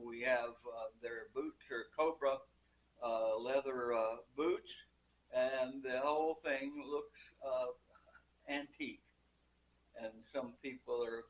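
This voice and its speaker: An older man telling a long joke as a story, pausing a lot and restarting his sentences. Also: mid-range voice, slight background noise, low-quality recording. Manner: hesitant, many fillers and restarts.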